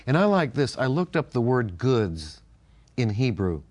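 Lively older American man telling stories. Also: mid-range voice, unhurried. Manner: animated storyteller, laughs often. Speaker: co-host of a Christian talk show. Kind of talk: casual faith-based chat.

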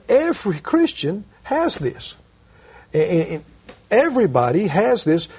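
A man's voice: a little high, creaky, a little mellow, breathy edge. A man who works as a minister, earnestly teaching and telling stories in a Christian conversation, repeating his key phrases for emphasis.

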